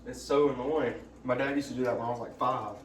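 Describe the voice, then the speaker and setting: A man's voice: mid-range voice, steady tone, fast talker. A young man, chatting casually while cooking and telling rambling stories full of "like". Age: young adult. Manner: rambling storyteller, lots of "like". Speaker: vlog co-host. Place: home kitchen. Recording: echoey room, distant mic, noisy.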